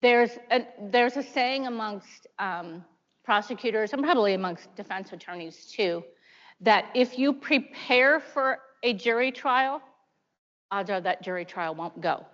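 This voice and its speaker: A woman in her fifties, a prosecutor, giving a chatty seminar talk full of lively asides. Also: on the high side, a little slow. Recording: dull lo-fi sound in a large hall.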